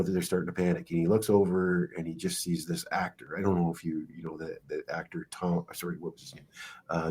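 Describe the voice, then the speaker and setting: A middle-aged man hosting a sports podcast, telling stories in a rambling, halting way with many fillers. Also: sits low, warm tone. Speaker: podcast host and wrestling coach. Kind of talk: podcast interview.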